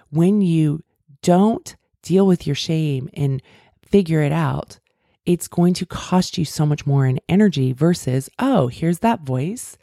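A middle-aged woman hosts a podcast in a low, creaky voice with a dark tone, recorded at studio quality with no echo. She talks earnestly and at length about feelings, using a coaching tone in casual self-help talk.

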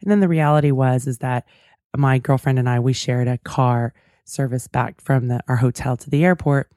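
A woman's voice: extremely low pitch, normal speed, mellow, dry recording, clean studio sound. A woman hosting a talk show, telling a personal story in a chatty, reflective way with lots of asides. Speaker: podcast host. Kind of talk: casual storytelling monologue.

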